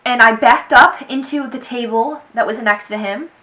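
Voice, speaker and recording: Young woman vlogger, bright, slightly high voice, animated storytime delivery. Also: normal speed, poor audio. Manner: animated storytelling, quoting people with "he's like". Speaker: beauty vlogger. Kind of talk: storytime vlog.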